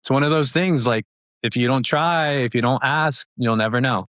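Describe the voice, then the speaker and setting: A man in his thirties, an upbeat and chatty interview guest who talks quickly with many fillers and laughs. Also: mid-range voice, a bit bright, no room sound. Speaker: podcast guest. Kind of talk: casual interview talk.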